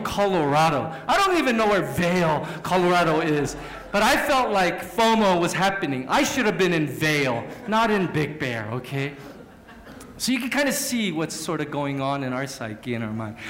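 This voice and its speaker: In an echoey room, a Southern Californian man in his thirties delivers a sermon as a pastor. His pitch sits on the high side, and his storytelling is lively, jokey and self-mocking.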